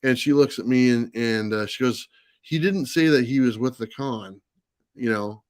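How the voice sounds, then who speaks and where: A man with a mid-range voice and a moderate pace spins a lengthy story during a relaxed livestream, stumbling through fillers and restarts. He hosts a comics channel, and his live stream mic picks up no echo.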